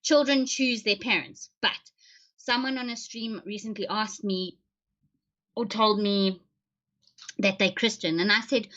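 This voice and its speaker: A woman's voice: medium pitch, fairly even intonation, a little slow, long pauses, fairly bright tone. A woman chatting casually with viewers on her livestream, joking and laughing often. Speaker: livestream host. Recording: dull lo-fi stream audio.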